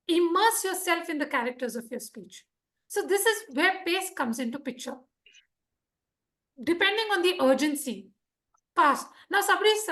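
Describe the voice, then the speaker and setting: A high-pitched woman runs a lively speaking workshop. She fires questions at the room and acts out short examples. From India. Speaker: public speaking trainer. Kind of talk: interactive workshop lesson. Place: club meeting room.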